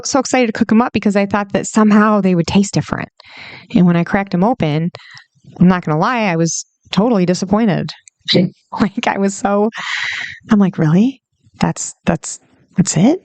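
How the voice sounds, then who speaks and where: A woman's voice: medium pitch, darkish tone, no echo. A woman hosting a Christian podcast, talking straight to her listeners in an impassioned, conversational way. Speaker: podcast host. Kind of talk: casual Christian podcast monologue.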